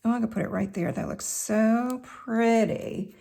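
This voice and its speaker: A woman's voice: a little high, steady tone, a little slow, creaky, dark tone. Chatty Southern woman teaching a craft. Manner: folksy, talks straight to viewers. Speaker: craft video host.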